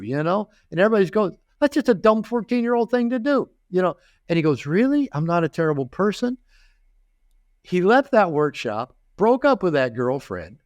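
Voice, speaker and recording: An older man, a therapist and author, telling stories in a relaxed interview and acting out the voices of the people in them, often repeating and restarting words. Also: fairly high pitch, no room sound, clean studio sound. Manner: animated storyteller acting out quoted voices, frequent repeats and restarts. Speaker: therapist and author, podcast guest. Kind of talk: conversational storytelling interview.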